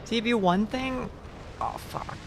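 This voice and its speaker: A woman's voice: a little high, unhurried, creaky, noisy background. A young woman streaming a video game to her chat, swearing freely and joking at her own expense. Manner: swears freely, talks to chat, self-mocking. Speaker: VTuber streamer. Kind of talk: casual gaming stream chat.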